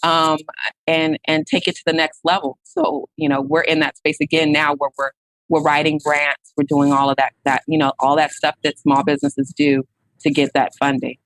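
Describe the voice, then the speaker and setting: A man talking casually as a podcast guest in a relaxed, rambling way. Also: on the high side, normal speed, dry recording, low-quality recording. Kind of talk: casual interview talk.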